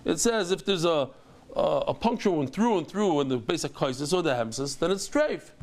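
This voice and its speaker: A man's voice: a little high, expressive, brisk, a little mellow. A man over fifty teaching a Talmud lesson, telling stories and acting out the dialogue with exclamations.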